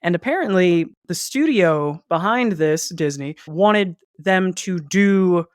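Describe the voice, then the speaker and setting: A man's voice: high voice, animated, slow pace, clean tone, no echo. A man co-hosts a podcast in loose, casual chat. He rambles, circles back, and drops in jokes. The mic is close and dry, with no room sound. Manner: rambling, joking, trails off into asides. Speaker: podcast co-host.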